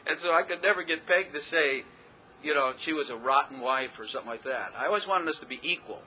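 Bright-voiced folksy male pastor. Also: fairly high pitch, brisk, a little hiss or hum, rough recording. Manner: folksy, rambling, laughs at himself. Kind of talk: sermon.

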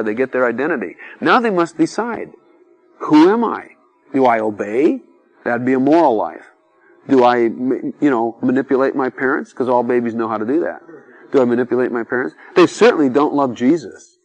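A middle-aged man gives an informal sermon, talking to the listeners like a friend. His pitch swings widely and freely, and he keeps dropping in little acted-out voices between easy asides. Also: no echo, poor audio. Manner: conversational, peppered with "you know", acts out quoted voices.

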